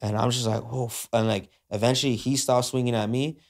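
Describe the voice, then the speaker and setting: A man's voice: mid-range voice, fairly even intonation, fairly quick, creaky. A man, a podcast guest, retelling a story in slangy casual speech, full of "like" and "uh", acting out the quoted dialogue. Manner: frequent fillers like "like" and "uh".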